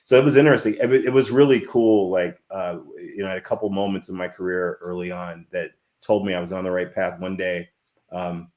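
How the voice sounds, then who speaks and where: A man in his fifties, a filmmaker guest telling stories in a casual interview, animated and rambling with many restarts. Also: low-pitched, fairly quick.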